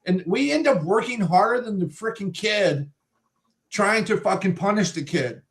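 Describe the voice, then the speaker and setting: A man in casual chat, reflective, explaining psychology and slowing down for emphasis. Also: sits high, animated. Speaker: podcast co-host, former counselor.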